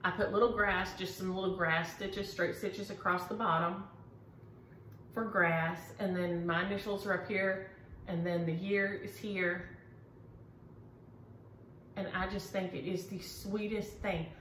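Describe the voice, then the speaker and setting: This needlework vlogger, a middle-aged woman, chats enthusiastically and casually about her handiwork in a lowish, slightly bright voice. Her intonation stays fairly even and she's unhurried. The room echoes, with faint ambient noise.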